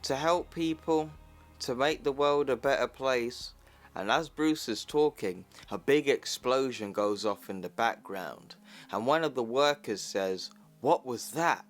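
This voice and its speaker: A man's voice: medium pitch, a little slow, faint music behind. A man narrating a comic book story in a casual way, with enthusiastic fan asides. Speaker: comic book recap youtuber.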